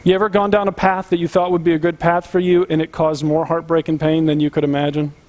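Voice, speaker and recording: A man's voice: fairly high pitch, flat delivery, quick pace, darkish tone. A man preaching a conversational sermon as pastor, earnest and emphatic, putting direct questions to the congregation.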